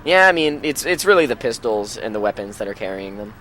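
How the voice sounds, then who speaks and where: A man's voice: on the low side, very animated, fast talker, fairly bright tone, a little hiss or hum. Dry, sarcastic gamer guy. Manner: dry sarcastic joking, dropping to a mutter. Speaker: co-commentator watching the game. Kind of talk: casual let's play commentary.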